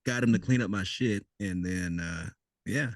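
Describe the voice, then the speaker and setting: A man in his thirties co-hosting a podcast, joking and swearing freely as an animated storyteller. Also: low voice, normal speed, no echo, studio quality. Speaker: podcast co-host, army veteran. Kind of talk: casual chat.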